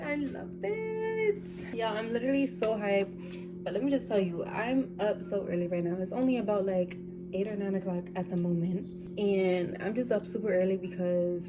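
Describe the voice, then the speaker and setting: A woman's voice: mid-range voice, rough recording. A young adult woman vlogger in casual chat at home, gushing and slangy as she talks straight to her viewers.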